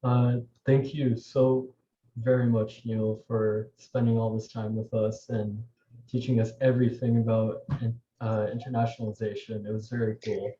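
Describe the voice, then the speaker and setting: A man's voice: lowish voice, little pitch movement, normal speed, mellow, roomy sound, muffled recording. A man hosting a question session, polite and a little hesitant, heard over a video call. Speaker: host.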